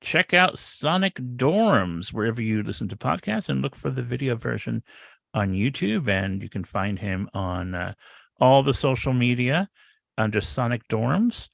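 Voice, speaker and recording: A man's voice: medium pitch, expressive, a little slow, creaky, fairly bright tone, dry recording. Male podcast co-host, dry close sound, wry and rambling delivery. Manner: sardonic, rambling with repeats. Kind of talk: casual podcast chat.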